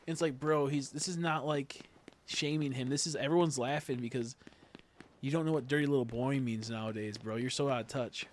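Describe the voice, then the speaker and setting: A man's voice: medium pitch, steady tone, fairly quick, slight background noise. Rambling, profane young male streamer. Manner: rambling, profane, talks to chat. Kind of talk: casual live-stream chat.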